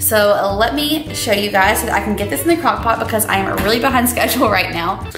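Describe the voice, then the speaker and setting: In a casual cooking vlog, a young woman cooks in her own kitchen and chats away to viewers, whom she calls "y'all." She speaks briskly in a mid-range voice, with music in the background.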